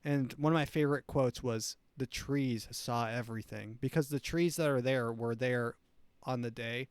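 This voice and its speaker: This is a man hosting a comedy show, reacting to clips in a rambling, mocking way that keeps restarting. His voice sits at an ordinary middle pitch, and it is recorded close and dry. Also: normal speed, clean tone, no echo. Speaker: show host. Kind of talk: casual commentary on clips.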